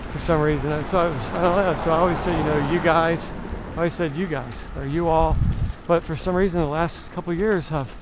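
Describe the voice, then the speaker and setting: A rambling, self-mocking travel vlogger with a mild Southern US twang, talking to camera while pedaling a bike outdoors. His voice sits a little higher than most men's. A faint hiss of noise runs underneath. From Southern United States. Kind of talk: casual chat to camera. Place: outdoors, riding a bicycle.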